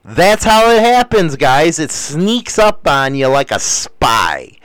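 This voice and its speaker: A man's voice: a little high, big pitch swings, slow pace, fairly bright tone, no echo. A man hosting a casual livestream, rambling through crude, profane jokes while reading from the chat.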